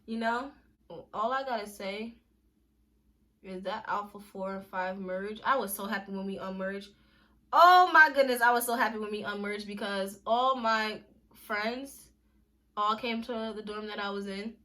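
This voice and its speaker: A young woman talking straight to camera in a casual vlog. Her voice is bright and forward. She speaks candidly and emphatically, in slangy everyday talk with quick restarts. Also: medium pitch, steady tone. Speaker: vlogger.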